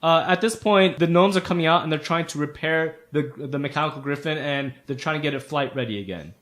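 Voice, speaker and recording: A man's voice: on the high side, fairly quick, a bit bright. A man running a tabletop game as game master, narrating in a casual, loose way with fillers.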